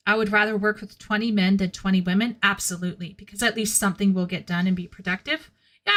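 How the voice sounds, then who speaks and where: Streaming casually with her viewers and their live chat, a woman speaks bluntly and candidly, often laughing at her own comments. Her mid-range voice is bright and forceful in tone.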